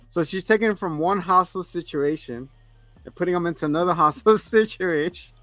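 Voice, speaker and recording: Male podcast host, higher voice, jokey casual movie chatter, dry close sound. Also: normal speed, fairly bright tone, no room sound, soft background music. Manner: jokey, laughs often, swears casually. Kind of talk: casual movie review chat.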